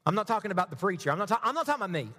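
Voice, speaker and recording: A man's voice: high voice, very animated, rapid-fire, bright, forceful tone, in a large hall. A man preaching a sermon as a pastor, addressing the congregation directly and with self-deprecating humor.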